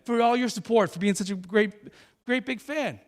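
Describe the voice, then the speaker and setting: Man acting out a gentle football legend, calm, measured. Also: sits high, long reverb tail, pitched above the performer's own voice. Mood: grateful. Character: calm, kindly famous football star, adult man.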